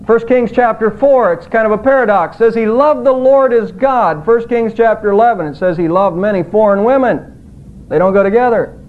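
A man's voice: sits high, moderate pace. A male pastor preaching a sermon in an earnest, emphatic way, his voice rising on quoted words. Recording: tinny phone-like audio.

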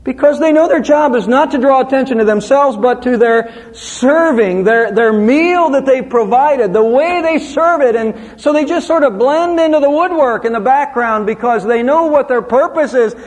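A man preaching an expository sermon, with lively, rising and falling emphasis. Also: very high voice, moderate pace, hardly any pauses, long reverb tail. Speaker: pastor.

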